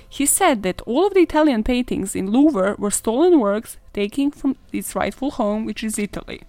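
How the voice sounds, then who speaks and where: A woman's voice: on the high side, a little mellow, dry recording. Chatty, foul-mouthed young woman podcaster. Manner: swears a lot, jokey and chatty. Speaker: podcast host. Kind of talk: casual storytelling podcast.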